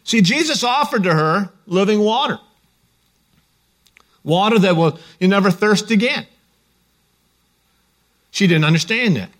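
A man's voice: sits high, lively intonation, measured pace, pauses often. A man preaching a sermon in a conversational, joking storytelling way. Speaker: pastor.

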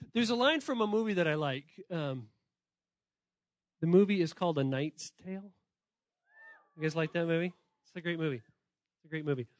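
High-voiced, animated man preaching to kids. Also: moderate pace, pauses often, no room sound. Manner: animated and playful, often talks straight to listeners and corrects himself. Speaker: pastor speaking to children and students. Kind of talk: lively sermon addressed to kids.

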